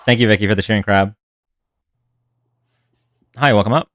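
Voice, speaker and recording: A man's voice: fairly low pitch, moderate pace, background noise. A man hosting a live stream in a casual, rambling way, chatting with viewers and reacting to their comments. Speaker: livestream host. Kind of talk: casual livestream chat.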